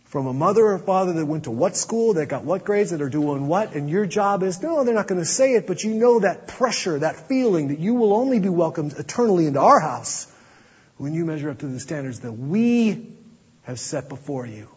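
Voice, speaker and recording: A man preaching a sermon as pastor, earnest, dropping to a hush to press his points. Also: on the high side, lively intonation, brisk, husky. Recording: dull audio with long hall reverb.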